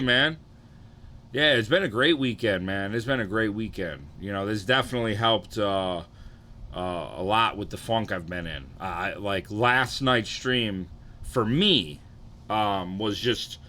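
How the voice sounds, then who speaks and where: A man's voice: lowish voice, sharp tone. A young man streaming live, chatting loosely with his viewers, swearing often and a bit hungover and sluggish. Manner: laid-back, rambling, swears often, greets chatters. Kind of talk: casual live-stream chat.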